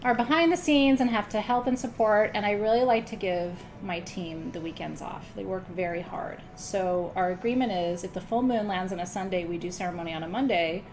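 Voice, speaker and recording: A middle-aged woman hosting an online spiritual ceremony talks briskly with hardly any pauses, her mid-range voice a little mellow, and a little hiss or hum can be heard. She keeps things casual, teasing herself, swearing lightly and laughing often.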